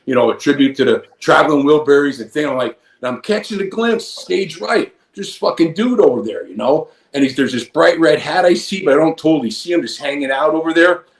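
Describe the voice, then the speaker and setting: A man's voice: a little high, lively intonation, a little fast, creaky, hardly any pauses. A man in his fifties, a former wrestler, telling a long rambling story full of profanity. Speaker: guest, former pro wrestler. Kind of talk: casual storytelling. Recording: echoey room.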